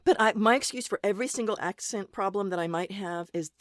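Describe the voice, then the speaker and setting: A woman's voice: medium pitch, fast, no room sound, studio quality. A woman from Ohio who is a voice actor, chatting casually and rambling in an interview. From Ohio, USA. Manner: rambling, chatty, laughs at herself.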